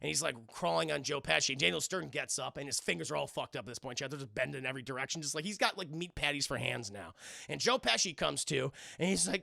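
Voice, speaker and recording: A young man chatting to his stream audience as he retells a film's scenes, animated and profane, bursting into silly voices. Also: on the high side, fast, vocal fry, no echo, clean studio sound. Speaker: streamer reviewing a film. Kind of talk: casual chat to a livestream audience.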